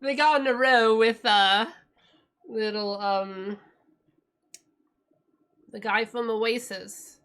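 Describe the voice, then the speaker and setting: A woman's voice: a little high, fairly even intonation, slow pace, pauses often, fairly bright tone, clear, resonant tone. A woman from Britain chatting casually on a live music stream, giggly and full of fillers.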